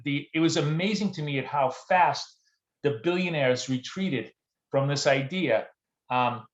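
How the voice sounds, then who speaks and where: Man, live trading stream host, casual rambling delivery, roomy sound, a bit muffled. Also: a little high. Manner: casual, rambling, lots of fillers and restarts; greets viewers by name from the chat.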